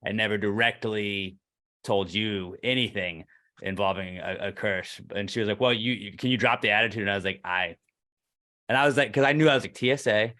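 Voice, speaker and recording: Podcast co-host, man, bright forceful voice, ranty storyteller who acts out every line. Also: fairly low pitch, a little fast. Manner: ranting, acts out quoted dialogue, swears freely. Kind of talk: casual storytelling chat.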